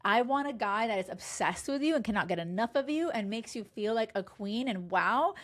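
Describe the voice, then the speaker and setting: A woman dating coach recapping a reality show in casual chat, emphatic and animated, swearing freely and acting out quotes. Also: on the high side, normal speed. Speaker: love and dating coach, podcast host.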